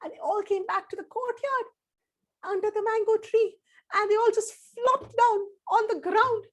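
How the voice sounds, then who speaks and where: A woman telling a children's story live, animated and speaking straight to her young listeners with dramatic pauses. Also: very high-pitched.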